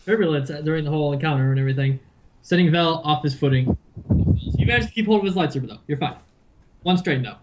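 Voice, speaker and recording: Fast-talking young game master. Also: male voice, a little high, background noise. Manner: quick, loose rule explanations with frequent self-corrections. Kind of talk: narrating a tabletop game.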